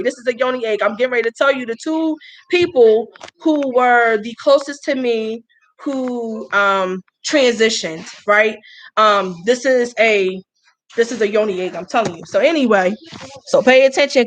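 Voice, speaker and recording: A young woman casually hosting a livestream, chatty and spiritual, pausing with sighs as she talks. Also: a little high, low-quality recording. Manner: chatty, spiritual, gets emotional with sighs and pauses. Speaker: livestream host, herbal brand founder.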